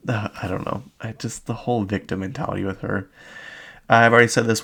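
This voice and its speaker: Brief: man host, low gravelly voice, loose rambling recap chat full of "like"s. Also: fairly even intonation, fast, a bit bright. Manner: rambling, many fillers and "like"s. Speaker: podcast host.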